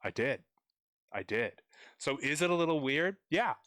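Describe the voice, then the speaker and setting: A man's voice: a little high, animated, normal speed, a bit bright, dry recording. A young man tutoring grammar on a live stream, chatting playfully with viewers as he goes over a paragraph. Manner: chatty, playful, addresses chat viewers directly.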